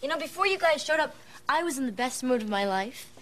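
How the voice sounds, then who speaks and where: A woman's voice: high voice, expressive, quick pace, a bit bright. A young actress playing a bubbly, chatty young woman in a sitcom.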